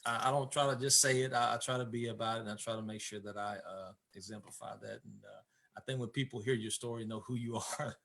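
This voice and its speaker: A man who coaches, speaking as an interview guest about his marriage, halting and repeating words as he searches for his thoughts. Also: on the low side, steady tone, vocal fry, fairly bright tone. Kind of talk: candid conversation about marriage.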